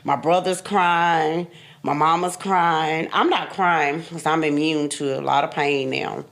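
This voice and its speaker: Her low, steady voice takes its time. A woman in her fifties guesting on a podcast, she recounts her life with blunt candor, repeats phrases for emphasis, and occasionally laughs through difficult memories.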